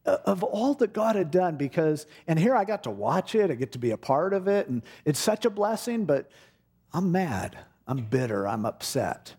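Middle-aged man, pastor telling a sermon story, animated and expressive, voice sits a bit high. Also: normal speed, slightly rough. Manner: animated storytelling, acting out quoted speech.

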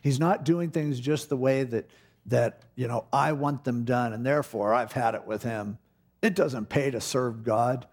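A middle-aged man preaching a sermon, telling a personal story with animated delivery and acting out the voices in it. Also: medium pitch, measured pace. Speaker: pastor.

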